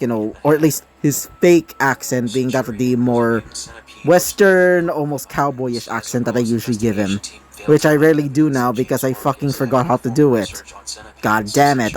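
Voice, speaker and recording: A man's voice: medium pitch, darkish tone. Rambling man narrating a fan story. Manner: rambling, many fillers and self-corrections.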